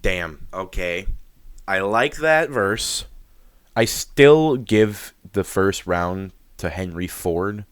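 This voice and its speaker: A man's voice: low-pitched, expressive, drawn-out words, smooth. A man hosting a reaction video, exclaiming and swearing freely as he muses aloud in casual commentary.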